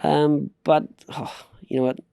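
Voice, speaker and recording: A man raised in South Africa, a retired jockey talking as a guest, relaxed and hesitant, often restarting his words. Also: a little high, a little slow, creaky, smooth, no echo, studio quality. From England, raised in South Africa. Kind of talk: casual chat, storytelling.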